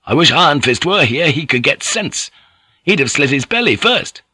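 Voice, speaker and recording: A hot-headed young samurai officer speaks bitterly and with heat, as a man narrating an audiobook puts him on. The voice is set well above the reader's own and bright. It is recorded dry. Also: a little high, big pitch swings, normal speed, husky, dry recording, pitched above the performer's own voice, heavily acted.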